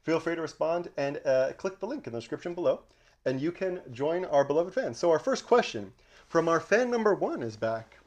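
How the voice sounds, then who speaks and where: A man hosts a relaxed movie trivia chat, his voice swinging up and down with animated energy. He sits a little high in pitch for a man and laughs often while he talks. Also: fairly quick. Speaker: podcast co-host. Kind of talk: casual chat running a movie trivia game.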